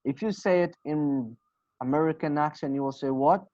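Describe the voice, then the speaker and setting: A man's voice: a little high, normal speed, a little mellow, dry recording. A man with a Kurdish accent teaching English pronunciation in an online class, patiently repeating example phrases. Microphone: video call. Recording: dull, dry video call audio.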